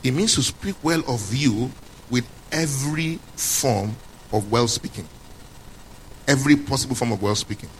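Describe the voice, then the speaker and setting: Male pastor preaching, hammers points home and repeats them, keeps checking "you understand?", mid-pitched, faint hum behind. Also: normal speed, low-quality recording. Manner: emphatic, repeats key points, quizzes listeners. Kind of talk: sermon.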